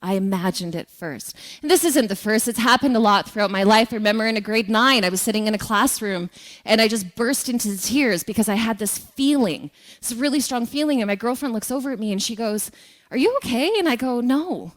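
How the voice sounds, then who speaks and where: A woman giving a spiritual talk to a congregation, telling lively personal stories and asking the audience questions. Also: a little high, a little fast. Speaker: guest speaker.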